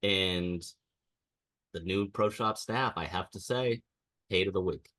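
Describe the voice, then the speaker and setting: Deep, bright-toned man ranting. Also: takes it slowly. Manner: ranting storyteller, mimics people he quotes. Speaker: podcast co-host. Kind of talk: casual chat.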